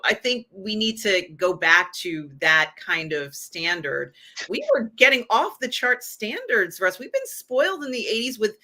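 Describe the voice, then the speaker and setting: Woman cohost, bright voice, opinionated, lots of ums and you knows. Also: lowish voice. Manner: emphatic, opinionated, many fillers. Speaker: co-host. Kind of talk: casual pop culture chat.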